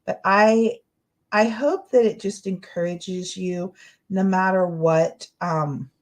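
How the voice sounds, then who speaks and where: A woman's voice: fairly low pitch, slow. A middle-aged woman hosting a casual livestream, rambling and encouraging, with lots of fillers. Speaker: livestream host. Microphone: webcam or computer mic, livestream.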